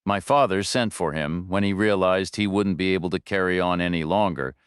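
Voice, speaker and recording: A man's voice: low-pitched, brisk, clean tone, no echo, clean studio sound, close to an everyday voice. A man voicing a persistent young woman lawyer who presses with polite questions. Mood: earnest.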